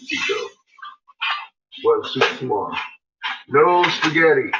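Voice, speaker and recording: A man's voice: mid-range voice, expressive, a little slow, lo-fi sound, music in the background. Profane, teasing man talking to his dogs. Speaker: dog owner. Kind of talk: casual chat.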